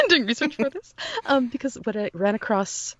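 Bawdy laughing woman, slightly high. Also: big pitch swings, normal speed, dry recording, highs cut off. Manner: bawdy, laughing, loud outbursts. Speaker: podcast co-host. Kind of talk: casual comedic podcast chat.

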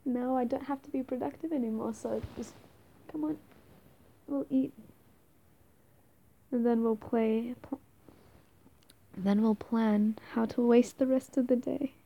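A woman's voice: a little high, fairly even intonation, a little slow, vocal fry, long pauses, highs cut off. A young woman playing an affectionate, playful girlfriend in an audio role-play, giggling, teasing and stumbling over her words.

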